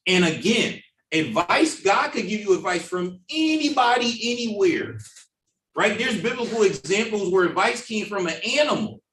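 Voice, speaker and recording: A man leads a Bible study in a casual, animated way, slipping into voices to act out what other people say. His voice sits fairly high for a man. It comes from a little way off the mic, in a room that echoes. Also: normal speed, recorded from a distance. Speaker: Bible class teacher. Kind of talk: informal Bible study discussion. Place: church classroom.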